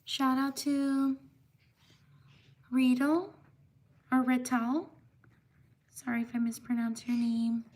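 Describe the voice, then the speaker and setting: A woman hosting a livestream reads viewer names from the chat in a slow, unhurried way. Her voice sits high and stays level, with little rise and fall, and she pauses between each shout-out. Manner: slow, steady shout-outs, apologizing for mispronouncing names. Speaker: livestream host.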